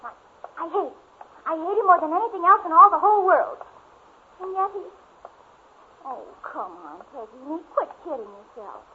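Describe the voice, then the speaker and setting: A hot-tempered, lovestruck teenage girl in a 1940s radio comedy, gushing and melodramatic. The voice is very high and swoops up and down, and it comes through a thin, tinny old broadcast. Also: expressive, normal speed. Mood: despairing.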